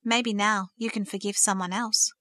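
A woman's voice: mid-range voice, fairly even intonation, normal speed, pushed and bright, no echo, close to an everyday voice. A woman reading aloud and voicing an anxious, earnest teenage girl with an eager, breathless manner.

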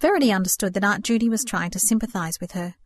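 A woman narrating a storybook in a steady, earnest reading voice. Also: mid-range voice, fast talker, no echo. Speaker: audiobook narrator.

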